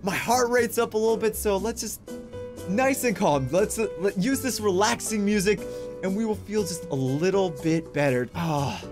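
A young man with a very high voice narrates his own gameplay, venting frustration and exclaiming as he goes. Soft music plays faintly behind him. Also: moderate pace. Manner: frustrated, exclaiming, rambling self-talk. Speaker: gaming YouTuber. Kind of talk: let's play commentary.

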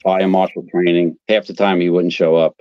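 A man, a guest fire captain telling animated, profane stories and acting out quotes. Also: low-pitched, moderate pace, no echo, highs cut off. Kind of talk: casual storytelling.

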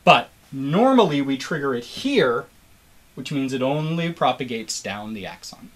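An animated man teaching a biology lecture, his pitch swooping widely as he explains. He talks students through each step and keeps encouraging them, and his voice sits in a middle register. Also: measured pace. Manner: animated, acts out cheering crowd voices in examples.

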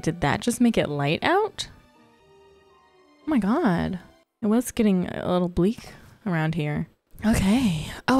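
A woman hosting a casual let's-play, chatting excitedly and squealing little cheers as she plays. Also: fairly low pitch, creaky, no room sound. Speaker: gaming channel host.

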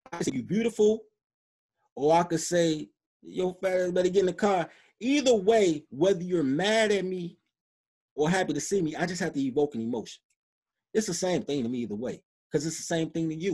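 A man's voice: on the high side, darkish tone, husky. A man from Chicago, a podcast guest, giving blunt, emphatic opinions in a casual, street-style way. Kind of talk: opinionated interview talk.

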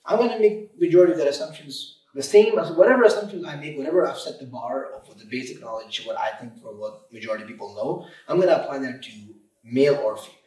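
Shop owner guy on a podcast, emphatic and animated, lots of "you know", sounds far off the mic in a roomy space. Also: medium pitch, quick pace, hardly any pauses. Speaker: auto repair shop owner. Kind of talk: podcast interview guest.

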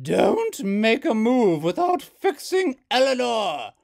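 Booming storybook mother, voiced by a man reading aloud, her orders thundering out well above his own voice in a loud, commanding roar. She swings her tone widely as she scolds, slow and deliberate. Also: huge pitch swings, gravelly, heavily acted.

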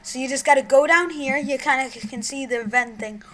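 A young woman giving gameplay commentary on her own channel, excitable, shrieking and giggling, then dropping to mumbled whispers. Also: high-pitched, brisk, rough recording. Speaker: gaming YouTuber.

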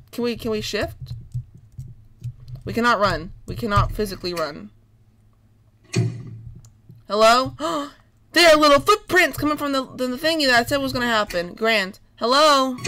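A woman playing a horror game and commenting in a goofy, playful way, with baby-talk words, who gets excitable and jumpy when scared. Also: on the high side, moderate pace, long pauses, low-quality recording. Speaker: gaming YouTuber. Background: loud eerie game music.

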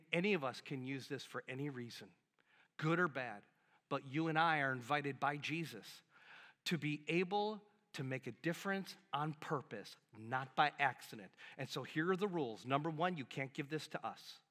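High bright-voiced male pastor preaching. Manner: animated, conversational preaching with acted-out quotes. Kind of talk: sermon. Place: church sanctuary. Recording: long hall reverb in a church.

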